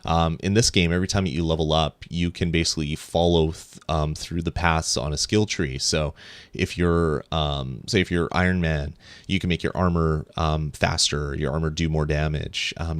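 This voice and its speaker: A man with an extremely low voice chats on a gaming podcast, rambling and eager, full of ums and false starts. The sound is dry and close to the microphone. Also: normal speed, no echo. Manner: excited, rambling with many ums and restarts. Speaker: podcast co-host. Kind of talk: casual chat.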